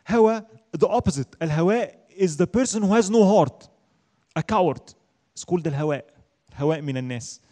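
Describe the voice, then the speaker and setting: An expressive Islamic studies teacher gives an emphatic lecture to a religion class, repeatedly posing questions and supplying the answers himself. His voice is high for a man yet dark and mellow, and he recites Arabic verses swiftly.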